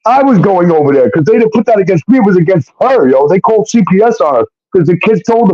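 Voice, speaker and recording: Brief: heated male storyteller, higher voice, mellow tone, dull lo-fi recording. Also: lively intonation, fast talker, hardly any pauses. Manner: heated, swearing, acts out quotes. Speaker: guest telling his story. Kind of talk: casual storytelling. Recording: dull lo-fi sound.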